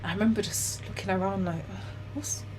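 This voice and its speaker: Young woman, interview guest, chatty storytelling, slightly low pitch, faint noise behind. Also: normal speed. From Ghana and the UK. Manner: chatty and animated, heavy use of "like" and "you know"; laughs often while telling hard stories.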